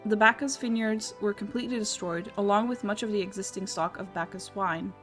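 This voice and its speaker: A woman reading a game townsperson's dialogue aloud in a measured, storytelling way. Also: medium pitch, a bit bright, faint music behind, lightly acted. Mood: wistful.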